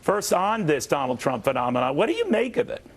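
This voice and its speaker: A man hosting a cable news interview, brisk and joking with quick asides. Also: a little high, sing-song, breathy edge. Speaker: TV news host.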